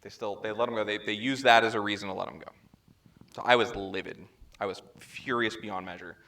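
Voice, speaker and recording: A man presenting at a security chapter meeting, telling a story in a lively way and acting out the dialogue, speaking into a handheld microphone. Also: fairly low pitch, fairly quick, gravelly. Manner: animated storyteller who acts out quoted dialogue. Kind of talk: conference talk, storytelling. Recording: echoey room, faint background noise.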